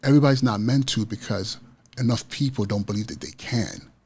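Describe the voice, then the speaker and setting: Husky-voiced man giving a passionate pep talk. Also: on the low side, a little fast, darkish tone. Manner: passionate, repetitive, emphatic preaching cadence. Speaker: podcast host, school principal. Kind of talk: motivational podcast monologue.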